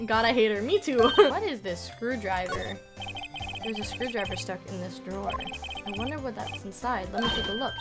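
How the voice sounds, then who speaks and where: A woman's voice: medium pitch, lively intonation, normal speed. A young woman doing casual let's-play commentary, giggly and crude, reading game lines aloud in voices. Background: game music.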